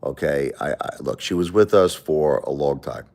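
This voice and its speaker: This middle-aged livestream host has an extremely low, slightly mellow voice with vocal fry and talks at a normal speed. Emotional and defensive toward his viewers, he rambles, repeating words and starting over.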